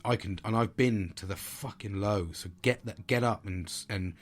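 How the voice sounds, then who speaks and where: A man's voice: fairly low pitch, normal speed. Blunt, sweary man in his forties. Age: 40s. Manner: blunt, heavy swearing, rambling and reflective. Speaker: podcast host. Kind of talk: casual solo podcast monologue. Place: sitting at home.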